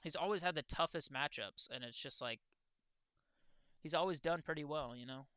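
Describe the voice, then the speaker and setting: Excitable young man, bright and crisp. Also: fairly high pitch, moderate pace, dry recording. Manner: excitable, swears freely, talks to chat. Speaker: streamer. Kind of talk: casual livestream chat.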